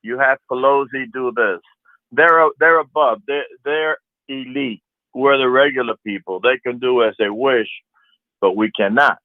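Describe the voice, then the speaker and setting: A man's voice: medium pitch, normal speed, no echo. A man from Florida calling into a talk radio show, speaking emphatically and repeating words. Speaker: radio caller. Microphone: telephone. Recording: phone line.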